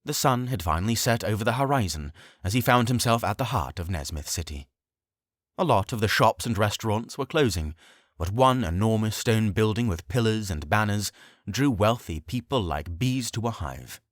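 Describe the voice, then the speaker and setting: Low-voiced expressive male audiobook narrator. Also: normal speed, no echo, clean studio sound. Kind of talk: scripted fantasy narration.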